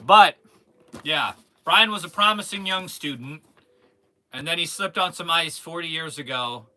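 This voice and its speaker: Brief: animated male stream host, teasing and rambling, very bright, slightly high voice. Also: a little slow. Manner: animated, jumps to sudden loud outbursts. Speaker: host of a live toy-selling stream. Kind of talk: casual live-stream chat.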